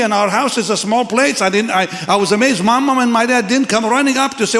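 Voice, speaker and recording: A man in his seventies preaching a dramatic sermon testimony to a large congregation. He swings from hushed tones to sudden shouts. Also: extremely high pitch, fast talker, few pauses. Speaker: pastor. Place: large church or crusade hall with congregation. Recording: echoey hall sound.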